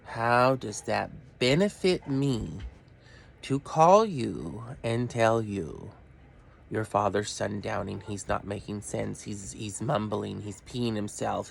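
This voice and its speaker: Gravelly middle-aged guy venting, swears a lot, rambles all over the place. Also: lowish voice. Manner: blunt, profane, rambling off topic. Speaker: vlogger. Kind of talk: rambling rant to camera.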